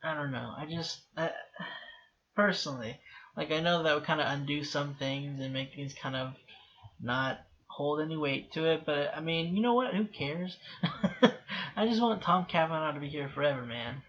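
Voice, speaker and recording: A man's voice: fairly high pitch, moderate pace, a bit bright, highs cut off, slight background noise. A young American man casually rambling through a TV episode reaction, with many restarts and laughs. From United States. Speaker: TV reaction host.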